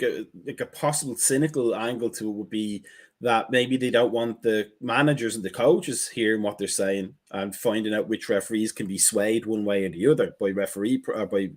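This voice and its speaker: A man co-hosting a casual football chat, talking in a measured, wry way and thinking aloud. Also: on the low side. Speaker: co-host.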